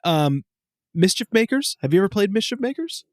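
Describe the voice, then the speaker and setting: A man in his thirties co-hosting a casual podcast, telling stories with lots of swearing and acting out quotes in a high voice. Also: sing-song, fairly quick, darkish tone, dry recording, studio quality. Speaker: podcast co-host. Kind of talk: casual chat.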